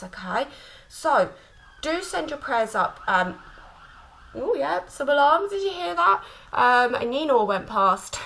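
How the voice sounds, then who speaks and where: A woman's voice: a little high, creaky, bright, forceful tone, low-quality recording. A woman giving a chatty spiritual card reading to camera, affectionate and given to laughter. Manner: chatty and affectionate, repeats "my lovelies" and "okay?", laughs often. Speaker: tarot card reader.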